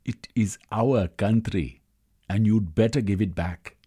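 A man's voice: low voice, expressive, mellow, husky, full character voice. A man voicing a cold, scheming villain. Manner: cold, measured, menacing. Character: cold scheming male villain bargaining with lords.

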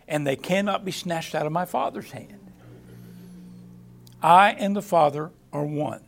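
High-voiced man teaching from scripture. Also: vocal fry. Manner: halting, repeats words, reads scripture aloud. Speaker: preacher. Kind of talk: Bible study sermon.

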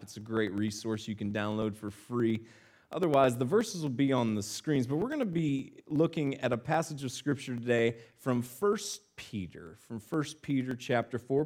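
With a medium-pitched voice, a male pastor livens up his sermon in church with an animated, self-mocking anecdote, acting out the dialogue.

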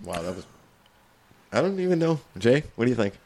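A man co-hosting a casual podcast chat, easygoing and quick to laugh. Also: medium pitch, very animated, warm tone, slight background noise. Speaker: podcast co-host.

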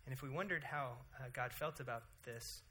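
A man in his thirties preaching a sermon in a church, animated, rising loud for emphasis and dropping quiet to pray. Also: a little fast, slight background noise. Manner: animated, rises loud and high for emphasis, then drops to quiet prayer. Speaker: pastor. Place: church sanctuary.

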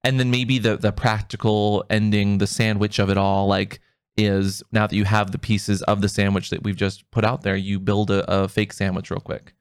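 A man's voice: fairly low pitch, little pitch movement, normal speed, clean tone, no echo, clean studio sound. A man co-hosting a podcast in casual chat, playful and teasing. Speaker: podcast co-host.

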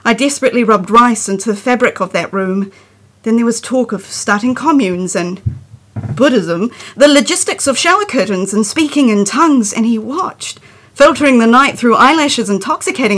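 Kiwi woman reading her own poem, breathy, fairly high voice, measured and expressive. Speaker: poet. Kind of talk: poetry reading.

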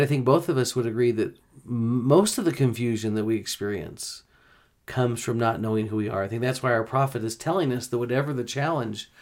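Earnest man teaching scripture. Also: medium pitch. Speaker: podcast host. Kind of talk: gospel discussion podcast.

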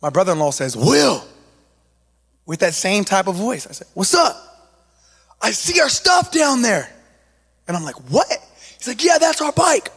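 A man preaching a sermon with an East Los Angeles accent and a strikingly high voice. He tells an animated story, acts out the quotes and fills his talk with casual asides. His voice rings out with a long reverb around it. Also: moderate pace, slightly rough.

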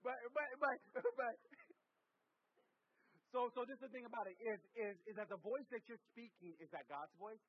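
A man in his thirties from the US West Coast preaching a sermon to a congregation, animated and jokey, with lots of repetition and restarts. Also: very high-pitched, moderate pace. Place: church hall with congregation. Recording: dull lo-fi sermon recording.

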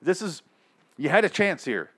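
A man's voice: on the high side, sing-song, moderate pace, breathy edge. Exasperated, foul-mouthed man ranting. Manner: heavy swearing, exasperated and sarcastic. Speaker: show host reviewing a TV episode. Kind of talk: ranting episode review.

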